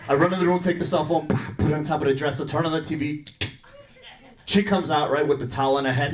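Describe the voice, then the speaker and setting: A man's voice: fairly high pitch, quick pace, echoey room. A man performing a stand-up comedy set, telling a story and acting out both sides of a quarrel. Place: comedy club stage with audience laughter.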